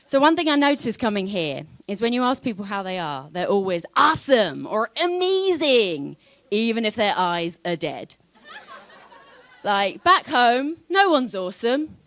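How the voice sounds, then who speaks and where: A woman's voice: mid-range voice, expressive, normal speed, a bit bright. A young woman from London with a London accent, performing a wry, self-deprecating stand-up comedy set. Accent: London English. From London, England.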